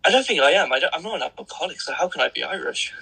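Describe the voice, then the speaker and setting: A young man with an English accent, chatting as a guest in a blunt, joking, animated manner. His voice is gravelly and somewhat husky, with a bright, forceful edge. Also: on the high side, rapid-fire, low-quality recording. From England. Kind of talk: casual interview chat.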